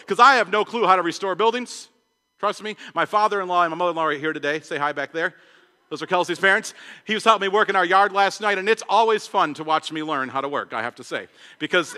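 A young man preaching a sermon, passionate and quick, stumbling through restarts and acting out little quoted exchanges. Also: sits high, animated, pushed and bright. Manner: passionate, fast-talking preacher with many restarts and acted quotes. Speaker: pastor. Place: church sanctuary. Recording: long church hall reverb.

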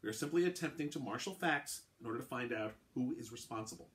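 A man's voice: medium pitch, lively intonation, quick pace, natural voice. A man voicing a firm, businesslike woman investigator of the city guard.

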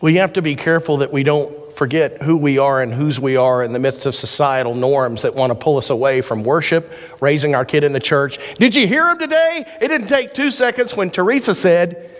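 A man's voice: on the high side, expressive. A man pastor giving a sermon, mixing scripture with folksy stories and jokes. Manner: folksy storytelling with quick jokes. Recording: church hall reverb.

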